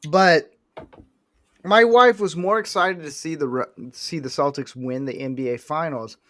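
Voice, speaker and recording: Recorded with no room sound, a man with a slightly high voice speaks at a measured pace as co-host of a casual sports chat. He brings his anecdotes to life, acting out what others said in exaggerated voices.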